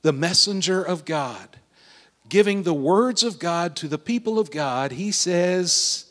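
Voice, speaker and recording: Brief: pastor, slow and fairly high-voiced, with long reverb from the hall. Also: male voice, expressive. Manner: dramatic storytelling, swelling then dropping to a hush. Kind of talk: sermon.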